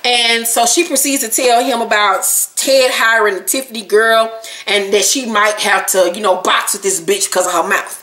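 A woman's voice: on the high side, fairly even intonation, moderate pace, sharp tone. A woman recapping a reality show in a casual vlog, brash, sassy and swearing freely. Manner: brash, sassy and profane, with blunt jokes. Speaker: vlogger reviewing reality TV. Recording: echoey room recording.

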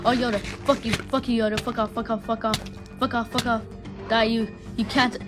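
A woman's voice: fairly high pitch, level tone, fairly quick, rough recording. A woman voicing over her gameplay clips as a channel host, rambling and swearing and trash-talking the other players. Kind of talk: voiced-over gameplay commentary. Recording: game music loud underneath.

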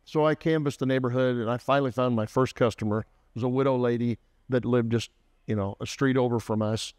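A man co-hosting a podcast, telling a story from his childhood in a folksy way, often pausing with "uh" and starting over. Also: medium pitch, steady tone, a little mellow, dry recording, studio quality. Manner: folksy, with frequent "uh" and restarts. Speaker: co-host. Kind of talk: casual storytelling.

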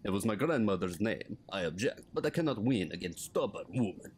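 A man's voice: lowish voice, sing-song, fairly quick, darkish tone, slight background noise. A man voicing an older male islander who reads his journal aloud in a Russian accent and broken English. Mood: earnest.

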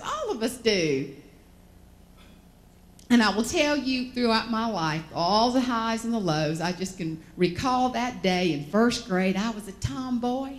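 A woman from the American South, telling folksy, animated stories as a motivational speaker and acting out the voices in them. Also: on the high side. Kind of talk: storytelling keynote speech.

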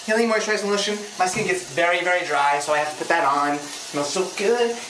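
A woman talking to camera in a comedic vlog, campy and playful, her voice swooping up high for jokes. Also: fast talker, a bit bright. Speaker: vlogger. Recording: echoey room, distant mic, faint hiss.

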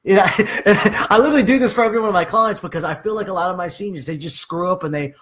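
A man's voice: high-pitched, rapid-fire, hardly any pauses, fairly bright tone. A man giving casual sales training, acting out conversations with clients and using many fillers.

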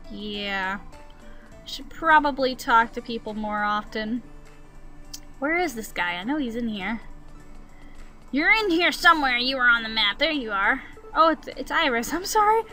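A woman's voice: a little high, bright, forceful tone. A woman hosting a gaming channel, giving casual, chatty commentary as she plays and talks back to the characters on screen.

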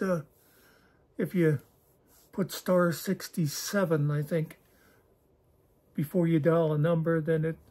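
A man with a mellow, slightly husky voice talks straight to camera as the host of his own channel. He rambles from one thought to the next, wry and self-deprecating, often losing his thread and then picking it back up. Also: a little high. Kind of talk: casual rambling monologue.

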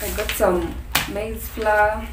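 A Kenyan woman casually narrating a home vlog, relaxed and full of "yeah, so" fillers. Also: medium pitch, slow, background noise. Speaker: vlogger. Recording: echoey room, distant mic, faint music.

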